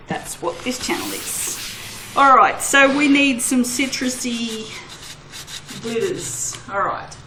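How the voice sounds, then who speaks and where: A woman's voice: fairly high pitch, lively intonation, slow pace, pushed and bright, slight background noise, rough recording. A woman who hosts a soap-making channel and chats casually and self-mockingly to her viewers while she crafts, laughing often.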